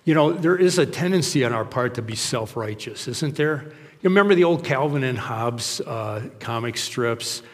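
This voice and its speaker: A man's voice: mid-range voice, animated, moderate pace, big-room sound. A male pastor preaching a conversational sermon, telling stories and acting out what people say. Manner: conversational and anecdotal, acting out quotes.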